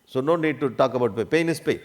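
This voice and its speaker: Man, spiritual teacher, discourse, keeps asking if listeners follow, medium pitch. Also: quick pace. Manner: checks understanding often, coughs now and then. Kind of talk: religious discourse.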